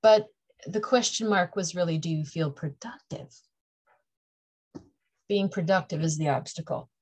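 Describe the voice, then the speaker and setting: A woman's voice: fairly low pitch, measured pace, a little mellow, breathy edge. A middle-aged woman from Canada giving a chatty, playful tarot reading to camera, laughing often between her points. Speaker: tarot reader.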